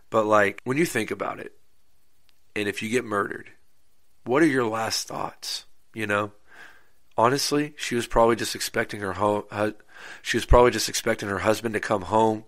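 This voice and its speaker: A podcast host telling a true-crime story in a casual, animated way, swearing freely and making asides to listeners. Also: male voice, fairly low pitch.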